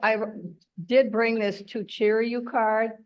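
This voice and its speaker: A woman with a slightly high voice talks at a group meeting. She is chatty and sympathetic as she passes on news about members. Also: flat delivery, a little slow, dull audio. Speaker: member giving updates on ill members. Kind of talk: casual meeting talk.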